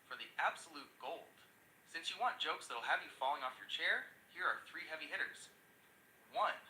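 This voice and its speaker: A man's voice: fairly high pitch, pushed and bright. A man's synthetic voice, chirpy and eager to please, telling jokes and recapping news. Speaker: AI chat assistant. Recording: echoey room with faint noise.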